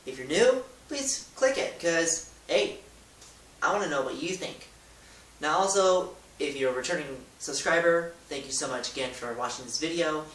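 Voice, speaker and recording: A man hosting a casual how-to vlog, talking in a goofy, rambling way with loud demonstrations. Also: fairly high pitch, expressive, moderate pace. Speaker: YouTuber. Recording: echoey room, distant mic, hiss.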